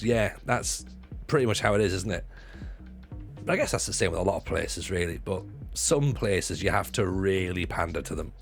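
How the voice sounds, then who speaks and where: A man's voice: lowish voice, gravelly. A man who used to do stand-up, chatting in a jokey way with viewers on his livestream, swearing freely and restarting his sentences. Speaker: livestreamer and former stand-up comic. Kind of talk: casual livestream chat with viewers.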